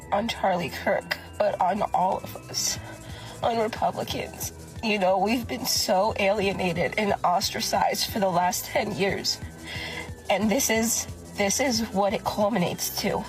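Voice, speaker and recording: A woman's voice: medium pitch, rough recording. A woman in an angry, tearful political rant, swearing heavily. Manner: furious, swearing, near tears.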